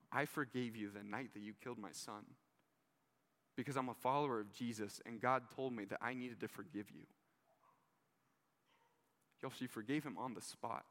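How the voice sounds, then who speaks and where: A man's voice: medium pitch, normal speed, long pauses, fairly bright tone, big-room sound. A man preaching a sermon in an earnest, conversational way, with casual asides to the listeners. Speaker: pastor.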